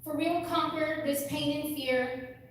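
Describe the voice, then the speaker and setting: A woman's voice: sits high, fairly even intonation, measured pace. A woman performer at an open mic reciting a poem with earnest delivery, then cheerfully leading the audience in a sing-song chant. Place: large event hall with a live audience. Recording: echoey hall, voice from far off.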